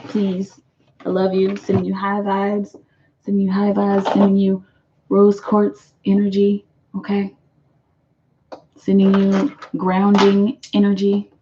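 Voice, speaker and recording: A woman's voice: medium pitch, completely flat delivery, slow, long pauses, muffled recording, noisy background. A woman giving a live tarot reading to her viewers, emphatic and affectionate, repeating her phrases for weight. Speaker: tarot reader.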